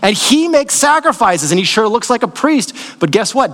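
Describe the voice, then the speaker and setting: Pastor, male, very high-pitched, chatty preaching that keeps checking in with the congregation. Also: very animated, moderate pace, a bit bright. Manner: conversational, checks in with listeners, dramatizes stories. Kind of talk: sermon. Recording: long reverb of a large hall.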